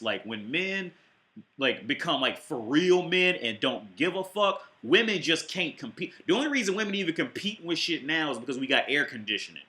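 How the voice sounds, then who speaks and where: A man's voice: on the high side, bright, forceful tone. A man hosting his channel, reacting to a clip with a heated, rambling, profane rant full of restarts.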